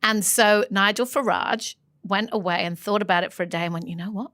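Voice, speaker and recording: A woman podcast host recapping the news in an opinionated, animated, chatty way. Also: mid-range voice, a little fast, no room sound. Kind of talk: casual chat.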